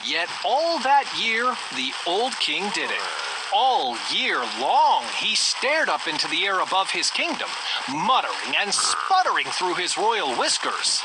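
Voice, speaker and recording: A storybook narrator reads aloud with slow, deliberate pacing. The voice swoops widely up and down to bring the tale to life. A constant hiss sits underneath. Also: medium pitch, big pitch swings.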